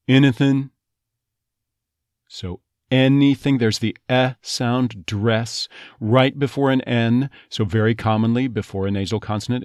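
A man with a lowish voice teaches pronunciation, slowing down to sound out each vowel and glide. The recording is close and dry, with no room around him. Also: a little mellow, no echo. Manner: breaks words into sounds, demonstrating vowels and glides slowly. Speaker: accent coach. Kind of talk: phonetics lesson.

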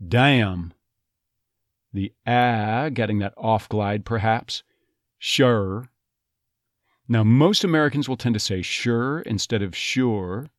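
A man coaching an accent, explaining vowel and consonant changes in a slow, deliberate way. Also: medium pitch, no room sound, studio quality. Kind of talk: dialect lesson.

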